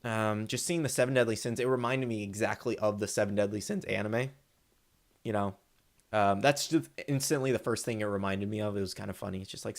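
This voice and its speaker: A young man giving a casual, rambling movie review, excitable and full of fillers. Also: on the low side, brisk.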